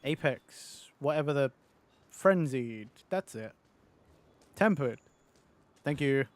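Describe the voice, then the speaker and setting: A man in his thirties chatting loosely while he streams a game. He rambles and mocks himself, swears freely and laughs a lot. His pitch sits in an ordinary middle range. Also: animated, slow, no room sound. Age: 30s. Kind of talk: casual live-stream chat.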